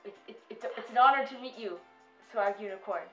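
A woman's voice: a little high, fast, dull audio, soft background music. A woman hosting a reaction video, chatting playfully and explaining in a bubbly, teasing way. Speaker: host of reaction channel. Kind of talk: casual chat. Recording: echoey room.

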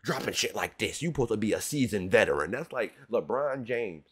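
A man hosting a music reaction video, talking in a casual, slangy way with animated, mock-outraged rants. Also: on the low side, fairly quick, breathy edge.

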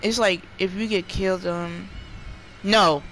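A gaming streamer giving live commentary while playing, jumpy, often yelling and laughing and talking to the chat. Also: medium pitch, fairly even intonation, a little slow, a little hiss or hum, rough recording.

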